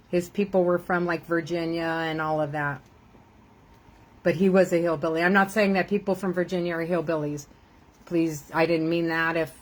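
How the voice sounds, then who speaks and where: A woman's voice: low voice, rough recording. An older woman, a grandmother, chatting casually and rambling while she crafts on a live stream, laughing often.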